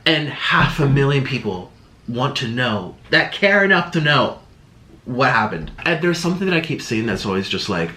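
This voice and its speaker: A man vlogging a casual rant to camera, animated and sarcastic, often mocking others in put-on voices. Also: mid-range voice, normal speed, a little hiss or hum. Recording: echoey room.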